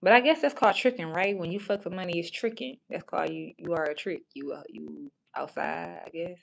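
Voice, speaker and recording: A woman's voice: on the low side, a little fast, gravelly. Blunt, foul-mouthed woman streamer. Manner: blunt, profane and frank; rambling with many restarts. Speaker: livestream host. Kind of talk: casual chat on a livestream.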